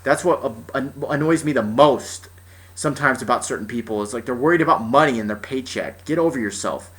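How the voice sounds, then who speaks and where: A man's voice: medium pitch, lively intonation, a little fast, fairly bright tone. A young man telling a personal story as an exasperated, profane rant, often restarting his sentences. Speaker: vlogger.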